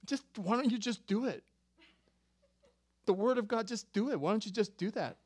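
Pushy servant guy, a bit higher and louder, exasperated, as a preacher acts him out. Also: moderate pace. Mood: urging. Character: blunt male servant urging his master.

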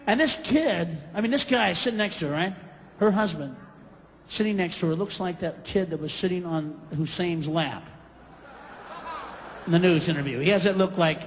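A man doing a stand-up comedy routine, ranting and swearing, breaking into shouted impressions. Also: normal speed. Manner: profane, ranting, shouts into high-pitched impressions. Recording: live hall with audience, faint crowd noise.

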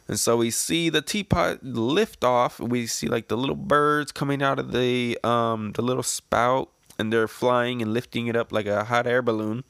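A man's voice: mid-range voice, steady tone, moderate pace, vocal fry, few pauses, fairly bright tone, clear, resonant tone, no echo. Guy reading a comic aloud and guessing whats next, lots of ums, dry close sound. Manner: chatty, speculative, many fillers. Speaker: comic reader and reactor. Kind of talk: casual read-through with commentary.

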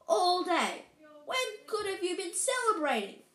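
Dumbledore: a woman reading as a gentle old wizard. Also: extremely high pitch, very animated, pitched above the performer's own voice, full character voice. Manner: gentle, unhurried. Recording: roomy echo.

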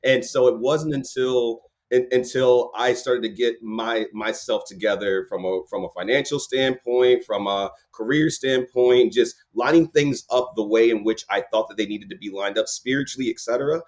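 A man's voice: medium pitch, normal speed, hardly any pauses, darkish tone. A man as a podcast guest, speaking reflectively and laughing easily. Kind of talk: casual podcast conversation.

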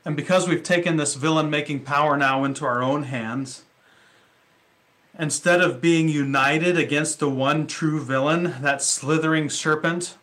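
A man's voice: fairly high pitch, a bit bright. A male pastor preaching a sermon in a conversational way, with rhetorical questions and casual asides.

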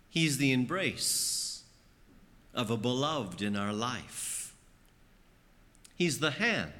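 A man preaching a homily as a priest, telling stories and acting out voices. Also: pushed and bright. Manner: storytelling, acting out voices with big swings in pitch. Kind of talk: sermon. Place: church. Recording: long church reverb.

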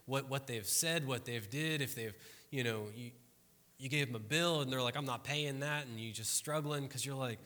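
A man's voice: mid-range voice, moderate pace, sharp tone. A man preaching a conversational sermon to a congregation, often checking in with the room and acting out quoted voices. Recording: long hall reverb.

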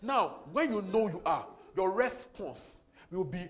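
A man preaching over a Bible reading, animated and laughing often, with repeated exclamations. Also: sits high, unhurried. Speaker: preacher leading a Bible study. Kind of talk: lively sermon commentary.

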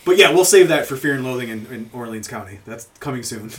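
A man's voice: mid-range voice, big pitch swings, normal speed. A man hosting a podcast, chatting casually and rambling through stories with frequent swearing and laughter. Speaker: podcast host. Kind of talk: casual chat.

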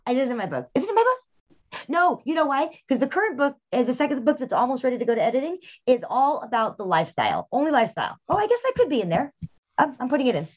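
A woman hosting a podcast, telling frank, animated stories in casual chat with bursts of laughter. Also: high-pitched, fast talker. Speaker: podcast host. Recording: dull lo-fi sound.

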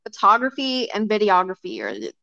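A woman's voice: mid-range voice, very animated, brisk, creaky, bright, forceful tone, dry recording. Chatty young woman, dry dull recording. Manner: chatty, filler-heavy, often acts out quotes. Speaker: podcast guest. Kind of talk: casual chat. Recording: dry, slightly dull sound.

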